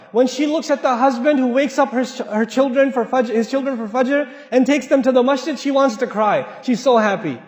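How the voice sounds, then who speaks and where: A man with a high voice preaches a lively sermon and acts out family quarrels in other voices. His words ring around a large, echoey mosque hall with a long reverb tail. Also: normal speed, few pauses.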